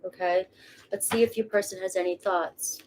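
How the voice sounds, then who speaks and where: Chatty tarot reader with a Boston accent. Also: female voice, medium pitch, fairly even intonation, normal speed, darkish tone, a little hiss or hum. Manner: casual, chatty, swears freely. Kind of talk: live tarot reading.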